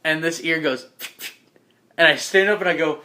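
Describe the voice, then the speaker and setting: A man's voice: on the high side, moderate pace, pushed and bright. A man casually describing his character's actions in a tabletop game. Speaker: player.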